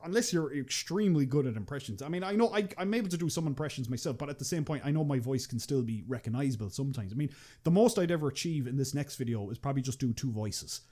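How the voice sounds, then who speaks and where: A young man with an Irish accent talks quickly in a loose podcast chat. He rambles, restarts his sentences and swears casually. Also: medium pitch, animated, mellow. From Ireland. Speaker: podcast guest, machinima creator.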